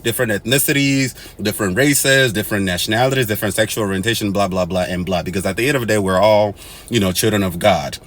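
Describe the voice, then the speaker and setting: Here a man from Nigeria hosts a laid-back to-camera monologue at a quick pace. His delivery is lively, lurching from loud outbursts to quiet muttered remarks, with Pidgin and Igbo phrases sprinkled throughout.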